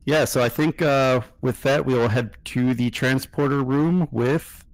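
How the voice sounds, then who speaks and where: A man in the role of game master, chatting in a relaxed way with fillers while running a tabletop game over voice chat. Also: mid-range voice, a little slow, no echo, poor audio.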